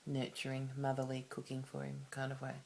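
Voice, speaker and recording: Low-voiced Australian woman, rambling and candid. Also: completely flat delivery, brisk, creaky, a little mellow. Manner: rambling, candid, many restarts and asides. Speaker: vlogger. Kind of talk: confessional personal vlog.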